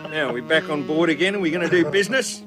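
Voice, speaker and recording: An actor plays a smooth, crooked Australian detective who coaxes and pushes, swearing casually. His voice sits a little high for a man. A music score plays underneath. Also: animated, quick pace, close to an everyday voice. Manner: coaxing, insistent, swears casually. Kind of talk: TV crime drama acting.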